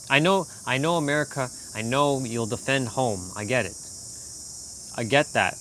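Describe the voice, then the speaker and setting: A man from Canada chatting casually on a live stream, rambling and animated, laughing often as he talks to viewers. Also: medium pitch, moderate pace, slight background noise.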